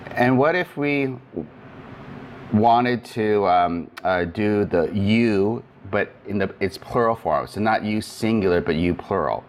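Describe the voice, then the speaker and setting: A man's voice: fairly low pitch, expressive, takes it slowly, slight background noise. A man teaching Greek grammar in a recorded lecture, explaining step by step with frequent fillers and restarts.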